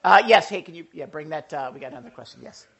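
A man preaching a casual sermon to a congregation, animated and jokey, swinging between loud and quiet. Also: a little high, quick pace, dull audio.

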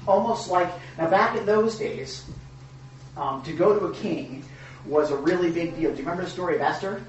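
A man's voice: on the high side, slight background noise. Man preaching in an echoey room. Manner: conversational, rambling with restarts and rhetorical "right?". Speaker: pastor. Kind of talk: sermon. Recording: echoey room, mic far off.

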